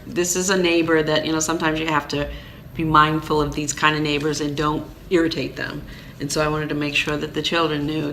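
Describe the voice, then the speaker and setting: Chatty woman telling a story, bright voice. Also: sits low, normal speed, slight background noise. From Maine. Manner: animated, chatty, with fillers and restarts. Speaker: vlogger, single parent. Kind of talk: personal storytelling.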